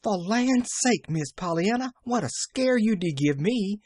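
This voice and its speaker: A man's voice: on the high side, big pitch swings, normal speed, pitched above the performer's own voice. A man doing a flustered young maid. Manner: breathless, exclaiming, rustic speech. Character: flustered excitable young woman servant.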